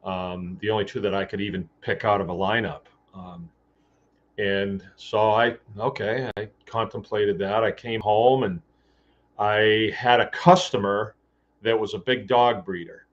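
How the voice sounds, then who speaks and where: Low-voiced man rambling through a farm story. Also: fairly even intonation, measured pace. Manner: rambling, with many fillers and restarts, acting out quoted dialogue. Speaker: podcast host. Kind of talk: casual storytelling monologue. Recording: dull lo-fi sound.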